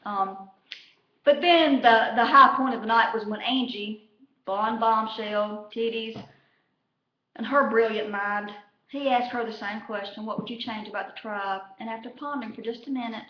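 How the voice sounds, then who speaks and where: A woman vlogger recaps a reality show in casual chat, her voice a little high and her pace measured. She rambles, swears freely, and fills her speech with fillers, all in an echoey room with dull lo-fi sound.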